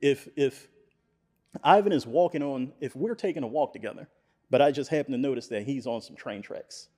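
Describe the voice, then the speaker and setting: A man's voice: medium pitch, a little fast, dark tone. A man who is a guest on a business podcast, talking in an emphatic, preachy way and often tagging his points with "all right?". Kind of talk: casual podcast conversation.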